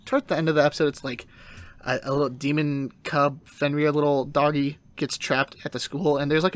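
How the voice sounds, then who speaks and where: Casual podcast host, male, slightly high voice, lively storyteller who acts out the characters. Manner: animated retelling with silly voices.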